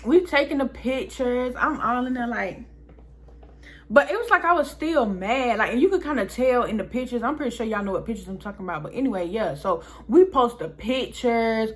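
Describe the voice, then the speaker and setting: A woman's voice: a little high, expressive, moderate pace, fairly bright tone. A young woman vlogger telling a story in a casual, chatty way, talking straight to her viewers.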